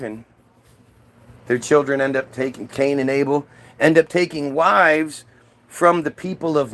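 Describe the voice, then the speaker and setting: A man's voice: on the high side, a bit bright. Profane rambling man. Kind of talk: crude comedic rant.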